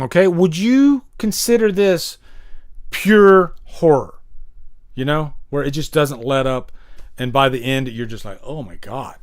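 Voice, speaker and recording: A man hosting a casual live horror movie stream, talking animatedly, swearing freely and answering chat. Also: fairly high pitch.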